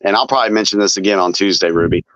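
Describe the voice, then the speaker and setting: A man hosting a casual chat, telling defiant stories in a relaxed way. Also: on the low side, rapid-fire, dry recording. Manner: relaxed storyteller, defiant anecdotes. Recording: dull lo-fi dry sound.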